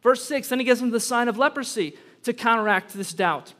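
A pastor with a very high-pitched, animated voice preaches briskly, reading scripture before making emphatic points and tossing conversational asides to the congregation. He rises to loud peaks on key points.

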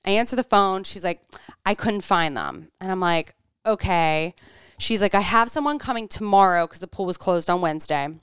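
A woman in her thirties tells a story on a podcast in an animated way, playing out each quoted line. Her voice is very smooth and crisp. The room is dry and close. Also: medium pitch, normal speed, no room sound. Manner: animated, acts out quoted dialogue. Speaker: podcast co-host. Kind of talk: casual storytelling chat.

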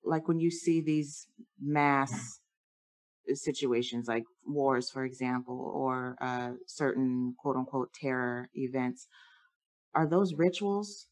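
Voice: mid-range voice, fairly even intonation, slow pace. An interviewer asking questions hesitantly, with fillers and restarts.

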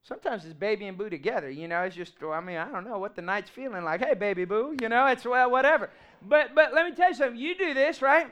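Man in his thirties, high voice, lively emphatic sermon with humor. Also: fast talker, clean tone. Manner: animated, humorous, emphatic preaching. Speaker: pastor.

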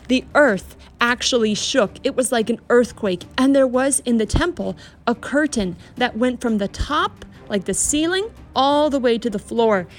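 Woman, children's Bible teacher, gentle and emphatic storytelling, fairly high voice, faint music under. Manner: gentle, emphatic storytelling with a lot of pitch movement.

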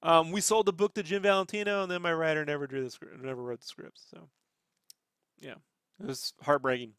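A man's voice: a little high, steady tone, a little fast, a bit bright, clean tone, dry recording, studio quality. A man hosting a casual chat, telling rambling stories full of swearing. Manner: rambling, profane storytelling. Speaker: podcast host.

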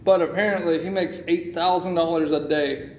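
A man with a fairly high voice tells a story on a podcast, loose and full of swearing. He sounds animated and casual. The room is echoey, with a faint hiss behind. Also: normal speed. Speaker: podcast co-host.

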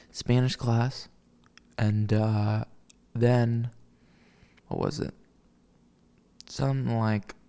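A man's voice: lowish voice, gravelly, darkish tone. A drunk young man rambling alone, profane and meandering, with mumbled asides. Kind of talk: rambling solo monologue.

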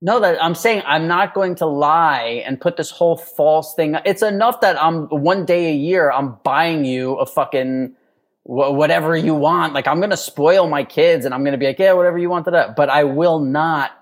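A man's voice: on the high side, moderate pace. A young man chatting casually on a podcast, swearing a lot and acting out quotes as he tells stories. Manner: profane, animated storytelling with acted-out quotes. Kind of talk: casual chat.

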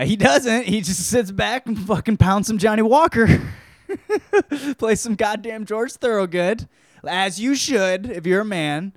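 A podcast host gives a casual, crude book review, rambling through the plot. His voice sits high and is smooth and resonant, recorded dry with no room echo.

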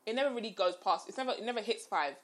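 A woman's voice: mid-range voice, expressive, rapid-fire, fairly bright tone. A woman in casual chat with a friend, reacting in short interjections and sharing her own experiences.

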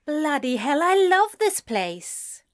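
A brash, sharp-tongued young mother, voiced by a female reader who blurts out excited, blunt remarks. Her pitch sits high and swings widely, though the pace stays slow. The sound is close and dry. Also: heavily acted. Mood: brash playful. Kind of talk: audiobook character reading.

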